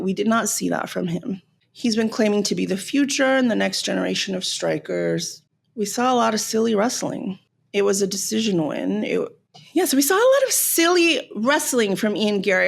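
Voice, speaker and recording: A woman from Los Angeles hosting a podcast, ranting in an animated, sarcastic way and swearing freely. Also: mid-range voice, gravelly. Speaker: podcast host. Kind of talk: casual rant.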